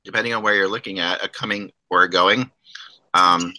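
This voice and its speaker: Male podcast host, middle-aged, low and bright voice, loose joking delivery with restarts. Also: fairly even intonation, a little fast, low-quality recording. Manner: rambling, restarts often, joking. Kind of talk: casual hockey podcast chat.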